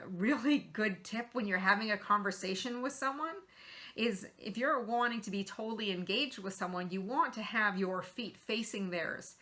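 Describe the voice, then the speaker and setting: A middle-aged woman hosts a motivational talk, earnestly coaching her audience with practical tips and rhetorical questions. Her voice is bright and clear at a medium pitch. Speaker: host.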